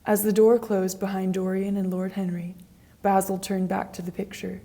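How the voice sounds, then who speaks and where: A woman reading a graded reader audiobook with slow, careful narration. Her voice is mellow and soft, with an airy, breathy edge. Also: medium pitch, flat delivery. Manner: slow, clear, measured.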